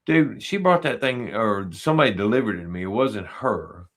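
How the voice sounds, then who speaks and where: A man's voice: lowish voice, expressive, normal speed. A man hosting a podcast interview who tells joking stories in a casual way and often laughs at them. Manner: joking storyteller, laughs at his own stories. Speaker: podcast host.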